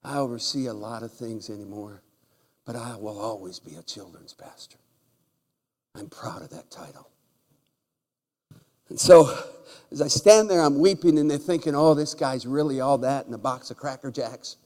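A male pastor telling a story in a sermon, animated, swinging between loud bursts and hushed asides and often repeating words. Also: medium pitch, normal speed, pauses often. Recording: long reverb of a large hall.

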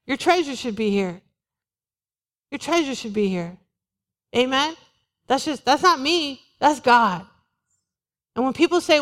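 A woman's voice: a little high, a bit bright. A woman pastor preaching a sermon in a church, talking in a conversational way and repeating short refrains. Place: church sanctuary. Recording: long hall reverb.

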